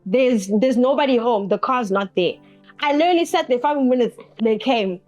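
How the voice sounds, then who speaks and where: Animated woman telling a story. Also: fairly high pitch, normal speed, soft background music. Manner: animated, acting out the other people's lines as she tells it. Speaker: interview guest. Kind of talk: personal storytelling.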